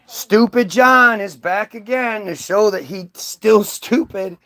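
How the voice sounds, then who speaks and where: High-voiced man ranting at commenters. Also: a bit bright. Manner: mocking, confrontational, profane. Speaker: livestream host.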